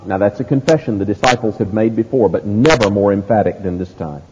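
A male pastor delivering an expository sermon, speaking in an emphatic, deliberate preaching manner. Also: lowish voice. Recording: long hall reverb, loud hiss.

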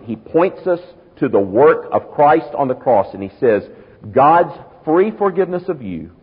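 A man's voice: medium pitch, breathy edge. A man preaching a sermon, emphatic, drawing out key words and speeding through asides. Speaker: pastor. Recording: muffled sound with long hall reverb.

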